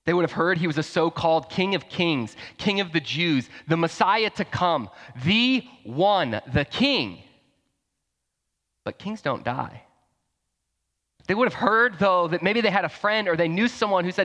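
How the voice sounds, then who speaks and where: In a reverberant church hall, a male pastor delivers a sermon at normal speed with a fairly high, slightly bright, expressive voice. His preaching is emphatic and conversational, peppered with rhetorical questions.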